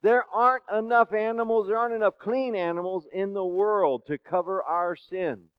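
A man preaching a sermon who keeps asking the congregation questions and swings between soft and loud. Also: high voice, fairly even intonation, moderate pace, clear, resonant tone, no room sound, dull audio. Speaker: pastor.

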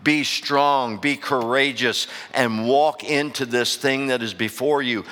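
A man preaching a sermon to his church. He swings from loud, impassioned outbursts to hushed asides and keeps asking the congregation rhetorical questions. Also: medium pitch, steady tone, unhurried, few pauses. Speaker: pastor. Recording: long reverb of a large hall.

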